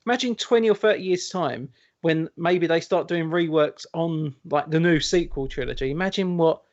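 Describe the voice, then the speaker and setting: A man's voice: on the high side, normal speed, highs cut off. Rambling man on a podcast. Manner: rambling, explaining with filler words. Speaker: podcast co-host. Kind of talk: casual chat.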